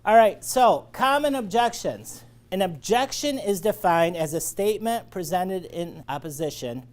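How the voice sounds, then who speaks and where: A man's voice: high-pitched, lively intonation, a little slow. Coaching male sales trainer. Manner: coaching, checks in with "all right?". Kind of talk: training lecture.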